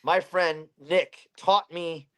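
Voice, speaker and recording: A man, a bare-knuckle fighter from Pennsylvania, telling a story in an interview in an animated way and swearing constantly. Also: fairly high pitch, takes it slowly, clear, resonant tone.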